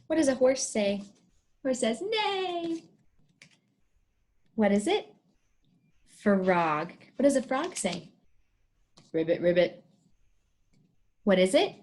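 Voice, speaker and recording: A woman's voice: medium pitch, sing-song, unhurried, pauses often, darkish tone, slight background noise. A woman teacher demonstrating a picture-card lesson for young students, talking in a sing-song way and making animal sounds.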